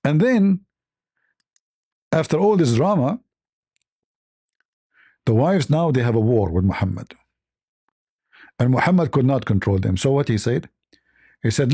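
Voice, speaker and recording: A man's voice: mid-range voice, lively intonation, a little slow, pauses often, warm tone, slightly rough, dry recording, studio quality. A man giving sarcastic solo commentary, mocking and incredulous, who often repeats himself. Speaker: online commentator.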